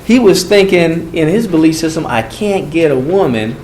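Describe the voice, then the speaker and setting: Male speaker, prevention workshop, lively storyteller, slightly high voice, echoey room with faint hiss. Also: normal speed. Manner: animated, acts out quotes with swings in pitch and volume. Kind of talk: storytelling to a group.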